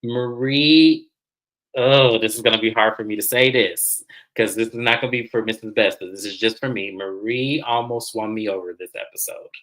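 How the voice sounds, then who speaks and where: A man's voice: on the low side, normal speed, a bit bright, poor audio. Chatty man hosting a TV recap. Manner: chatty, dramatic, addresses viewers as y'all. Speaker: host. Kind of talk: casual TV recap commentary.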